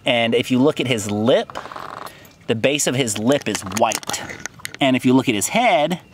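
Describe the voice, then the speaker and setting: A man's voice: mid-range voice, expressive, unhurried, background noise. A man filming a casual farm vlog outdoors, chatting in a laid-back way while handling a snake. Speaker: farm vlogger.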